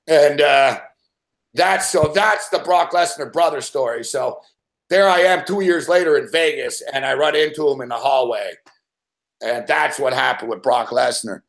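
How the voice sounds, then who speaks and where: In a casual chat, a man who's a regular on the show rambles through a story, cursing nonstop and performing growls and laughs. His mid-range voice is gravelly, with a moderate pace.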